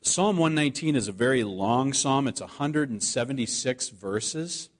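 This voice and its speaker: Male pastor, mid-pitched, earnest sermon delivery with slowed, weighty quotes. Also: lively intonation. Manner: earnest preaching, slows to stress scripture quotes.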